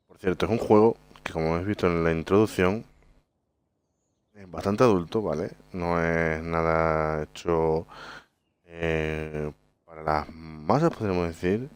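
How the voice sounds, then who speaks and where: A man with a Spain Spanish accent hosting a gameplay video, talking in a relaxed, chatty way with hesitant fillers. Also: low-pitched, clear, resonant tone. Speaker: gaming video host. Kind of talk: casual gameplay commentary.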